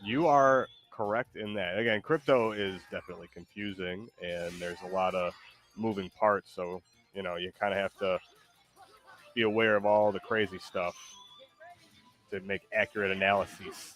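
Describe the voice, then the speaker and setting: A fairly low-voiced man chats casually while streaming a game. He rambles, packing his speech with likes and restarts. Faint music plays behind him. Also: fairly even intonation, normal speed, a bit bright. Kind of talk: casual chat while gaming.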